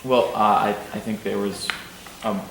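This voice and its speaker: A man answering his teacher in class, speaking haltingly and thoughtfully. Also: on the low side, steady tone. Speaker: student. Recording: echoey room, audible background noise.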